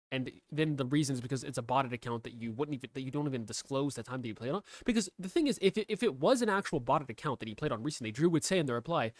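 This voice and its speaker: A man's voice: medium pitch, no room sound. A man giving ranting gaming commentary in a profane, incredulous, rambling way. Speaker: video commentator.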